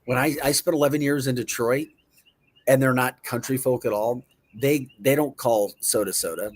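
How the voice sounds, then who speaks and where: A man's voice: mid-range voice, normal speed. Playful chuckling male show host. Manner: playful, repeats words in mock pronunciations, chuckles often. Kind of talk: casual studio chat.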